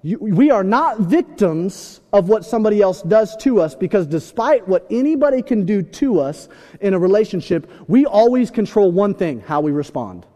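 A young man preaching a sermon, telling stories with animated shouts and asides. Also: sits high, normal speed. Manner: animated storytelling, acts out scenes with shouts. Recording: long hall reverb.

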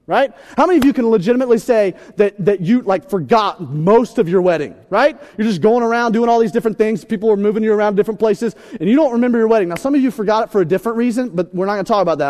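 A male pastor with a high, lively voice, joking his way through a sermon story in a chatty, self-mocking tone. His words ring out in a large church hall with a long, lingering reverb. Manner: animated, conversational, self-deprecating.

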